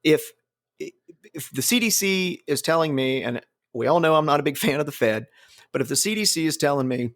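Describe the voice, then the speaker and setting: A man's voice: medium pitch, normal speed, gravelly. A man hosting a casual podcast, rambling and swearing, often laughing at his own jokes. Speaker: podcast host.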